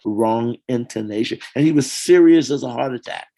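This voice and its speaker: Older man, interview guest, animated storyteller, acts out quotes, mid pitch. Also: moderate pace, vocal fry, poor audio. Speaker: interview guest, former band singer.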